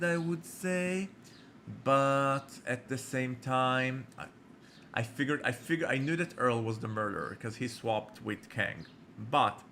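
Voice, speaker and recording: A man giving joking, rambling let's-play commentary with halting restarts. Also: mid-range voice, bright, forceful tone, slight background noise. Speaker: game streamer.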